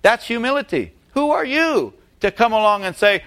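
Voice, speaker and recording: A man's voice: high voice, big pitch swings, normal speed, a bit bright, clean tone. A man preaching a sermon, emphatic and repeating key phrases, putting rhetorical questions to his congregation. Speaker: pastor.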